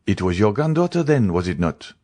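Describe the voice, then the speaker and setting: A man voicing an urgent, brisk male doctor who questions and commands in an audiobook. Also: fairly low pitch, very animated, dark tone, dry recording. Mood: questioning.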